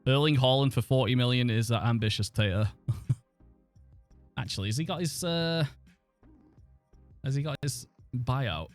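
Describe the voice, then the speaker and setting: A man's voice: medium pitch, unhurried, pauses often, soft background music. A man chatting and thinking aloud as he streams a football management game, swearing now and then. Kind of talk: casual live-stream commentary.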